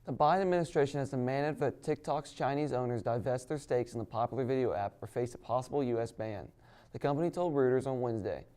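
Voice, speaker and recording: A man reading news items in a steady read-aloud manner as an anchor. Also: mid-range voice, fast talker.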